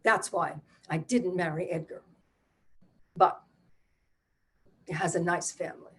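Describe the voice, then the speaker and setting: An anxious deaf mother repeats her words with emphasis in a husky voice, as a woman puts her on. She sounds frank and excitable. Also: fairly low pitch, unhurried. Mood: wistful.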